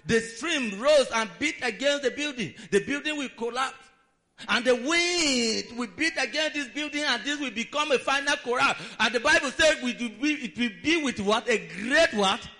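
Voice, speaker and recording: A man's voice: extremely high pitch, normal speed, bright, forceful tone. A man preaching a sermon in a dramatic, emphatic way.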